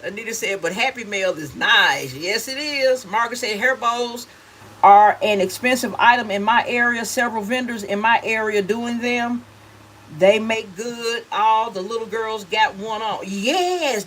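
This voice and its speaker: Bright-voiced middle-aged lady chatting on her stream, calls everybody honey, faint noise behind her. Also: fairly high pitch, normal speed, rough recording. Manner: chatty and homey, calls viewers honey and baby. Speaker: gift basket seller hosting a livestream. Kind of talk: casual live chat reading viewer comments.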